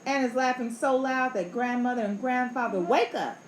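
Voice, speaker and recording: A woman reading a children's picture book aloud in an expressive, playful way. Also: a little high, normal speed. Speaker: storybook reader. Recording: echoey room, faint background noise.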